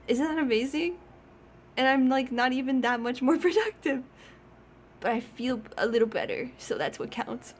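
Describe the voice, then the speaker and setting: A woman's voice: high-pitched, normal speed, slight background noise. Chatty young woman streamer, rambling. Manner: chatty and rambling, frequent "like" and laughs. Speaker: VTuber streamer. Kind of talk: casual chat stream.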